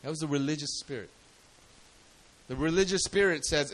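A man's voice: fairly high pitch, moderate pace, a bit bright, rough recording. A man preaching a sermon in a casual, slangy way, often asking the congregation questions.

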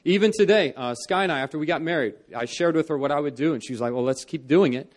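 Young man preaching in church, earnest, fairly high voice that climbs on key lines and sinks low for the solemn moments. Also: fast. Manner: earnest, rising for emphasis and dropping low for solemn parts. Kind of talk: sermon.

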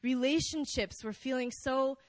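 A young woman giving a casual, story-driven talk at a church prayer meeting, chatty and animated, with many fillers. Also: sits high, a little slow, no room sound. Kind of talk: conversational sermon.

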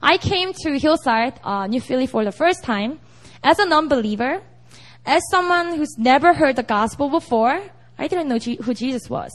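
A young woman preaches in a relaxed, chatty way, often asking her listeners if they follow. Her voice sits high and swings widely in pitch. She sounds conversational rather than formal. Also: normal speed. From South Korea. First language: Korean. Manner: chatty, with frequent "you know" and "right?". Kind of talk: casual, animated sermon.

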